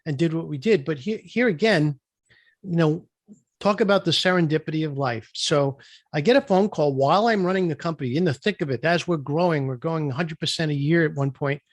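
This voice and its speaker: A man's voice: fairly high pitch, a little fast, no room sound. A man, a guest entrepreneur, telling a business story in an interview and acting out quoted dialogue. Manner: lively storyteller who acts out quoted dialogue.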